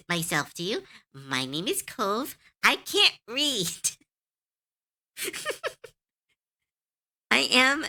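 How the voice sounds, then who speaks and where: A woman's voice: mid-range voice, bright, forceful tone. A woman streamer in casual livestream chat, giggly, chatty and self-deprecating.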